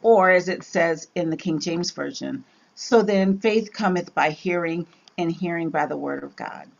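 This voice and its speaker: A woman leading a casual Bible study, reading scripture aloud and riffing on it in an animated way, with sudden exclamations. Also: lowish voice, a little slow, gravelly, lo-fi sound.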